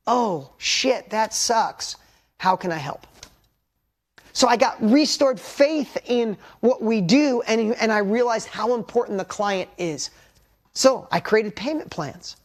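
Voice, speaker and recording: Emotional, candid male motivational speaker. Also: high voice. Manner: candid storytelling with rising emotion and emphatic lessons. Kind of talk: motivational talk to an audience.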